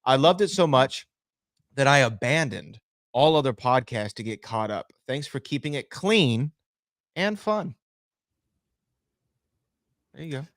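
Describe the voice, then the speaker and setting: A man's voice: mid-range voice, expressive, a little slow, long pauses, a bit bright. A man hosting a podcast in casual chat, easygoing and hesitant, reading out listener messages. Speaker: podcast host.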